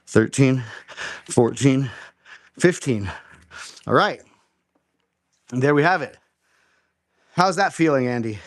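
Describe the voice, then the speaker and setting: A man's voice: medium pitch, no room sound, studio quality. A man hosting a live home workout, explaining form and counting reps aloud in an encouraging way. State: slightly out of breath. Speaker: fitness host.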